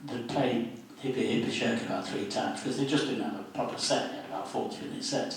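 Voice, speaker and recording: A man in his seventies, a guest at a public meeting, telling anecdotes in a lively storyteller's way and briefly voicing the people he quotes. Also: medium pitch, quick pace. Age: 70s. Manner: lively raconteur, acts out quoted voices. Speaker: interview guest, former student union officer. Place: civic meeting hall. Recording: very echoey hall, distant mic.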